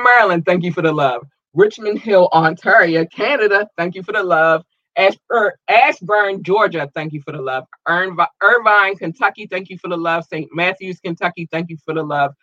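Upbeat male podcast host, animated, slightly high voice, dry close sound. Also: no echo, dull audio. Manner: upbeat, animated, stumbles over place names. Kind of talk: casual shout-outs to listeners.

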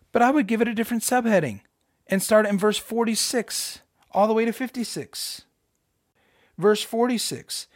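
A middle-aged man giving an informal, conversational Bible teaching with emphatic rhetorical questions and bursts of excitement. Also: sits high, dry recording, studio quality. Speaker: podcast host teaching scripture.

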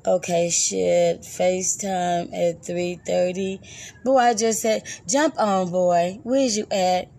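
A woman's voice: lowish voice, fairly even intonation, takes it slowly, vocal fry, warm tone. A woman hosting a live music podcast in loose, chatty talk, laughing easily. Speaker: radio podcast host. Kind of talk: casual live show chat.

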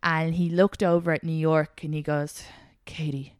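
A young woman co-hosting a podcast, telling candid dating stories in a frank, animated way and laughing often. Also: sits low, normal speed, smooth, no room sound, clean studio sound. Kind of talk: candid casual chat.

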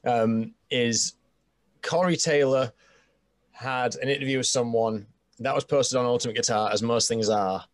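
A man's voice: mid-range voice, unhurried, no echo, clean studio sound. A man with a Yorkshire accent hosting a casual podcast interview, chatty and swearing freely. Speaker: podcast host.

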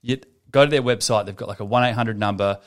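A young man co-hosting a podcast, telling animated stories and swearing freely. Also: lowish voice, quick pace. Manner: swears a lot, animated storytelling. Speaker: podcast co-host. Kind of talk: casual podcast chat.

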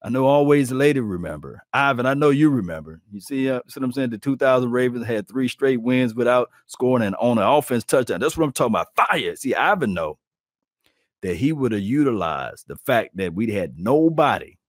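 A man hosting a casual sports talk stream, animated and preachy, calling out to viewers as he riffs. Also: mid-range voice, brisk, no echo, clean studio sound. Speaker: podcast host.

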